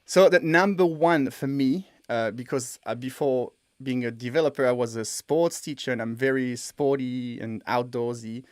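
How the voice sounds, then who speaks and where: A man co-hosting a casual podcast, telling personal stories in an animated way, with frequent restarts. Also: mid-range voice, normal speed, few pauses, dry recording, clean studio sound. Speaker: podcast co-host, developer.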